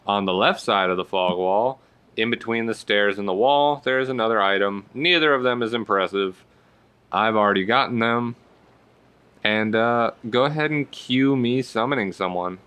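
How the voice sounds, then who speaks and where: A man's voice: fairly low pitch, normal speed, bright, forceful tone, clear, resonant tone. A man giving casual, sarcastic gaming commentary while guiding a walkthrough, blunt and swearing freely. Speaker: game walkthrough host.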